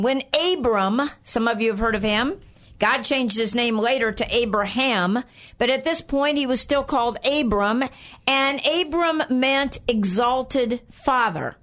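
Older female Bible-teaching co-host, slightly high voice, chatty, laughs. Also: fairly bright tone. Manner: chatty, laughing, with frequent okays. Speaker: co-host of a Christian program.

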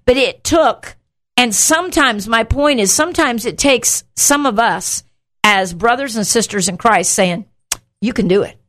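Middle-aged church lady hosting a faith talk show, kinda high voice, acts out the voices, laughs a lot. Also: measured pace. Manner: animated storyteller, acts out voices, laughs often. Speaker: co-host of a Christian talk show. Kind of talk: casual faith talk, storytelling.

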